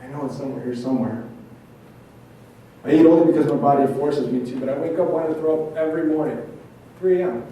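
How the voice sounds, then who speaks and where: A man's voice: fairly high pitch, quick pace, pauses often, dark tone. A man, a trauma therapist at an event, performing a dramatic spoken-word monologue full of intense rhetorical questions and repetition. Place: event venue, indoors. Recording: echoey room, mic from far off.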